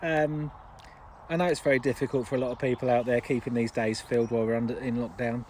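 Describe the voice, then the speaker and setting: A man's voice: mid-range voice, little pitch movement, fast talker, darkish tone, a little hiss or hum. A man chatting casually and jokily to camera, rambling with fillers. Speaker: vlogger. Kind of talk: casual vlog chat. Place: outdoors at a marina.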